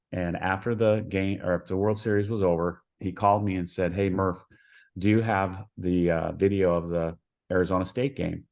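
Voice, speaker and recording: A man with a very deep voice tells stories as a podcast guest, in a folksy, homespun way. He acts out the dialogue in his anecdotes as he goes. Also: vocal fry, a little mellow, dull audio. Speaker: head softball coach, podcast guest. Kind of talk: storytelling in a podcast interview.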